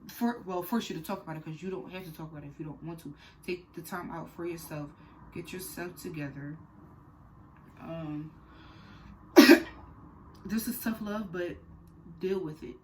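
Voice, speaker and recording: Low-voiced young woman, candid vlog talk. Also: slight background noise, low-quality recording. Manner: candid, conversational, many fillers and repeats; earnest and direct when advising. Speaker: vlogger. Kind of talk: personal storytime vlog.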